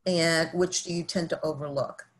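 A woman's voice: low-pitched, steady tone, moderate pace, low-quality recording. A woman giving a training webinar, talking in a conversational way with frequent ums. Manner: conversational, many fillers. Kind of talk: webinar presentation.

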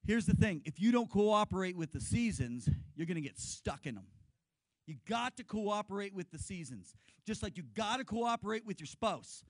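High-voiced lively pastor preaching. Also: male voice, normal speed, dry recording, rough recording. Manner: lively storyteller, leads the congregation in call-and-response. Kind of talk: sermon.

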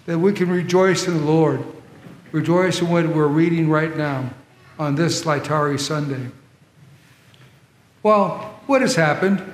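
A male pastor preaching a sermon in a church, conversational, with asides to the congregation. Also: fairly high pitch. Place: large church sanctuary. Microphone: troublesome handheld or body mic. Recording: echoey church hall with long reverb.

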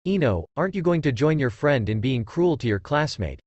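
A man voicing a cool, aloof boy who speaks slowly and calmly. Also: medium pitch, no echo, dull audio. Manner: slow, cool and flat.

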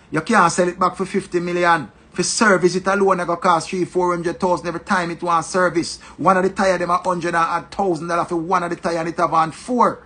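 A man with a Jamaican accent giving animated, joking commentary and repeating his phrases. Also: high voice, breathy edge. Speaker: social media commentator. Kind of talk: casual commentary.

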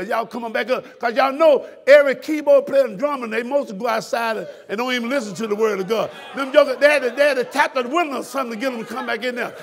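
Pastor, high gravelly voice, fiery shouting sermon style. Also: male voice. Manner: fiery, preaching with shouted questions to the congregation. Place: church sanctuary.

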